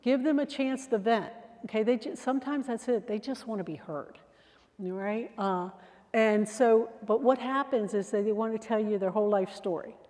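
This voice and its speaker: A woman's voice: on the high side, normal speed, mellow. A woman giving a security training presentation in a chatty, conversational way, sometimes acting out example phrases. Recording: long hall reverb.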